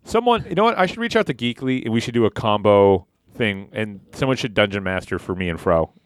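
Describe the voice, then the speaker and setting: A man's voice: lowish voice, animated, a little fast, no echo. A man hosting a casual podcast, making crude, rambling jokes. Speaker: podcast host. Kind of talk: casual chat.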